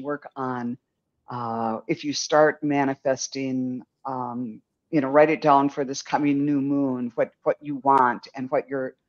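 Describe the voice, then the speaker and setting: An older man giving a rambling, gentle psychic reading on a live stream, chuckling now and then. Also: medium pitch, dull audio. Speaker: psychic medium.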